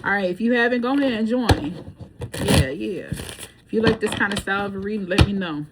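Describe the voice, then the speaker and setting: A woman's voice: medium pitch, fairly quick, very noisy. A woman tarot reader chatting casually to camera, telling stories with loose laughs and the odd swear word.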